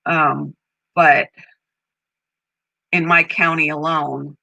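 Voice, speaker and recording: Woman, casual live-stream host, slow unhurried talk, bright voice, talks to her pet bird. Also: flat delivery, vocal fry, dry recording, rough recording. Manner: chatty, talks to her parrot in a high baby voice. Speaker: channel host. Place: home room.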